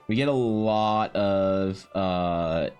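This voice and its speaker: A man's voice: low-pitched, very slow, a little mellow, clear, resonant tone, soft background music. A man, chatting on a livestream in a joking, slangy way, swearing and laughing. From Canada. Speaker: art streamer. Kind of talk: casual livestream chat.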